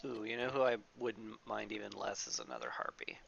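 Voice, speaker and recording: A woman's voice: rumbling low, sing-song, fairly quick, vocal fry, breathy edge. A woman streamer with a stuffy nose, chatting wryly to herself as she plays a game. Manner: wry, sarcastic self-talk. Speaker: gaming streamer. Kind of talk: let's play commentary. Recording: slightly dull, faint music behind.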